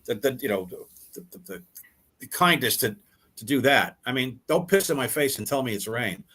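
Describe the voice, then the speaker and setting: A man's voice: medium pitch, animated, brisk, sharp tone, husky. An older man who is a rock musician, telling stories as an interview guest. He acts out quoted dialogue and often repeats and restarts words. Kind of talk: storytelling in a casual interview.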